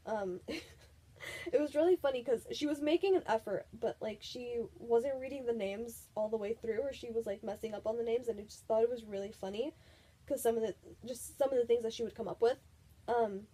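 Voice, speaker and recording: Young female vlogger, casual storytime, warm mellow tone, higher pitch, giggly. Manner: chatty, giggly, lots of filler words.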